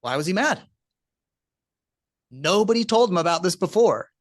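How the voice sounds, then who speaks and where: A man guesting on a podcast, telling a client story in a lively, animated way with rising emphasis. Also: high voice, moderate pace, dry recording, studio quality. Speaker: podcast guest, retirement account specialist. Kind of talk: conversational storytelling.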